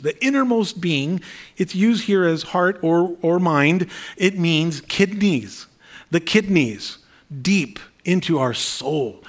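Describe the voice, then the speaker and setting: Earnest, fairly high-voiced man preaching. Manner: earnest, conversational preaching with fillers and repetitions. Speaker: pastor. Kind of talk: sermon.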